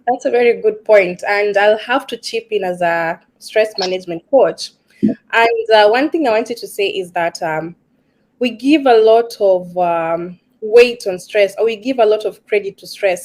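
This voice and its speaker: A woman's voice: medium pitch, normal speed, a little mellow. A woman with an East African accent, a stress management coach in a casual discussion, talking earnestly with some ums and repeated words for emphasis.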